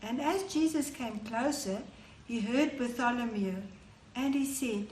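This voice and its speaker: A woman's voice: a little high, reverberant, slight background noise. A woman telling a Bible story to children as a storyteller. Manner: slow, warm-toned teaching to children. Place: church hall.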